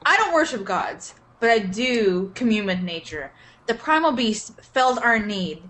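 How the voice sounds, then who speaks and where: A woman's voice: fairly high pitch, big pitch swings, unhurried, a bit bright, low-quality recording. A woman playing a tabletop role-playing game, joking and laughing with her group. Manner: playful, laughs often. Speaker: player. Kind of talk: casual tabletop game chat, in and out of character.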